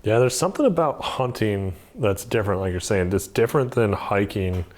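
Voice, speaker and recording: A man's voice: lowish voice, animated, a little fast. A man hosting a podcast, musing in a reflective, loose way with some casual swearing. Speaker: podcast host.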